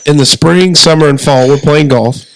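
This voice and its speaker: A middle-aged man from Southern Indiana, co-hosting a podcast in casual chat, relaxed and joking as he lays out his plans step by step. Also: a little high, normal speed, poor audio. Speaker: podcast co-host.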